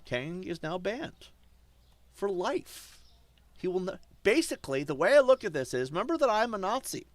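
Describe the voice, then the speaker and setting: A male streamer ranting defiantly to his chat, swinging between loud outbursts and low muttering. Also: no echo. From German. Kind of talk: casual stream rant.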